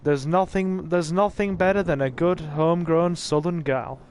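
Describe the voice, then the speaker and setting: A man's voice: on the high side, steady tone, moderate pace, darkish tone, a little hiss or hum. A man streaming a horror game, chatting casually with viewers and reading their comments aloud with jokey asides. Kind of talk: laid-back livestream commentary.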